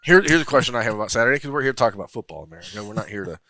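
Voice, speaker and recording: A man's voice: medium pitch, expressive, very fast, pushed and bright. A man hosting a sports podcast, joking and mock-serious as he steers the talk. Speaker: podcast host. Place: restaurant, live show.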